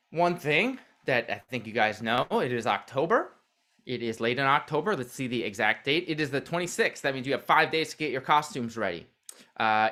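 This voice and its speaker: A man hosts a podcast livestream, talking casually to viewers before the show starts. His voice is bright and forceful, and he rambles with playful asides. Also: medium pitch. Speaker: podcast host.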